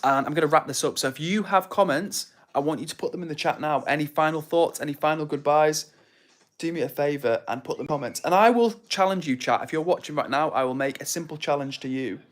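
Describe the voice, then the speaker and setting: A young man with a fairly high voice talks quickly as he hosts a livestream. He reads viewer comments in a casual way and greets people by name, sounding friendly and upbeat.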